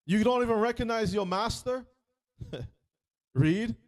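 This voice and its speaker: A man's voice: sits high, slow. A man leading a scripture reading, stopping often to ask questions and act out the story. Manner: animated, questioning, acts out the story in voices. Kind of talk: interactive sermon.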